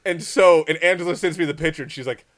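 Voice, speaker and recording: A man in his thirties telling stories in casual chat, animated and profane, acting out the other people in his stories. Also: on the high side, fast talker. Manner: animated, swears freely, acts out voices in his anecdotes. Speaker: podcast co-host, father.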